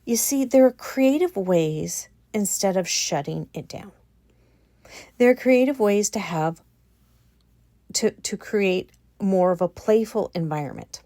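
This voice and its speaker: A woman giving a casual commentary monologue on her channel, animated and incredulous, repeating her points for emphasis. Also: mid-range voice, measured pace, dry recording, clean studio sound. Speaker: vlogger.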